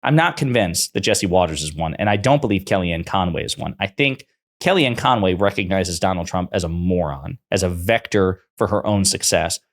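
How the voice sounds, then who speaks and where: A man's voice: deep voice, expressive, normal speed. A man, a political commentator, talking through his opinions in a conversational way with fillers and restarts.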